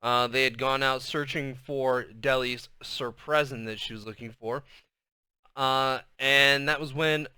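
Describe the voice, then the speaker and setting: A man reading a children's chapter book aloud, his voice bright and smooth. He recaps loosely with fillers before settling into a steady read. The sound is close and dry. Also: mid-range voice, measured pace, no room sound. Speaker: reader of a children's novel.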